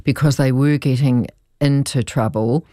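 A lawyer telling a client's story in an interview, in an earnest, measured way with emphatic repeats. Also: medium pitch, fairly even intonation, warm tone, no echo, clean studio sound.

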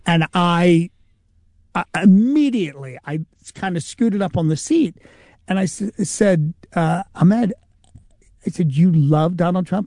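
This comedian and impersonator has a high voice and takes his time, heard in clean studio sound without echo. In an interview he tells animated stories, acting out the people he's quoting.

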